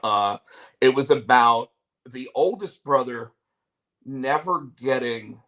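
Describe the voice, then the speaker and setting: Animated rambling male show host. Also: medium pitch, takes it slowly. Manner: rambling, restarts sentences, animated storytelling. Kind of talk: casual chat.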